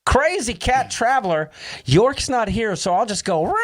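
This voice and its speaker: A man's voice: sits high, fairly bright tone. A man hosting a casual livestream chat, jokey and upbeat, reading out viewers' names and throwing in puns. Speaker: host.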